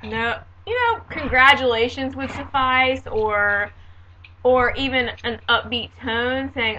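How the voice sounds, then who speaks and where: A woman in her late twenties chatting casually on her video diary, sarcastic and quick to laugh. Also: on the high side, sharp tone, muffled recording, slight background noise. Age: 20s. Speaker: vlogger.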